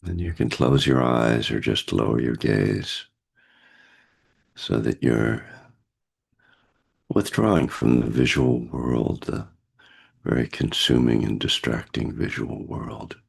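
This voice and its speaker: A man with a cold leading a guided meditation over a video call, speaking gently with pauses and fillers. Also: very deep voice, creaky, breathy edge. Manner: slow, gentle, pausing guidance with fillers. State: has a cold, husky voice. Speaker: meditation teacher.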